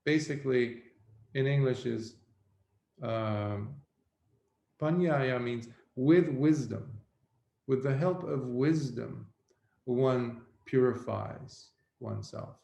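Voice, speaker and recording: A Buddhist monk giving a reflective dharma talk, telling a story slowly with pauses. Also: male voice, mid-range voice, gravelly, warm tone. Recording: roomy echo.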